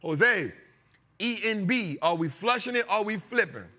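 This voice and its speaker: A man's voice: high voice, unhurried. A male host talking stocks in a loose, joking way, laughing and teasing his crew. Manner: animated, joking, laughing often. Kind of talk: comedic finance talk show.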